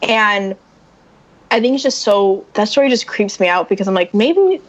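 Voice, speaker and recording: Woman guest on a podcast, chatty animated storytelling, kinda muffled lo-fi sound. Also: medium pitch, normal speed. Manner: animated, acts out quoted voices. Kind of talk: casual storytelling.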